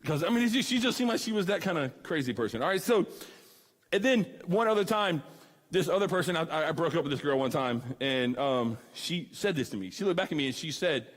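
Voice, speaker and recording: Upbeat youth preacher, man, high voice, lively storyteller, big reverberant hall. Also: a little fast. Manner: animated storyteller, acts out dialogue. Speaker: student ministry speaker. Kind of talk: youth sermon with comic stories. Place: church hall.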